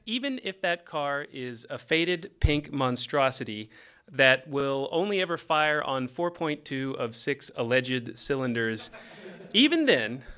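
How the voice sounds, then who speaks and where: A middle-aged man from Texas telling a comedic story from his teenage years with a wry, animated delivery. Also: mid-range voice, clear, resonant tone.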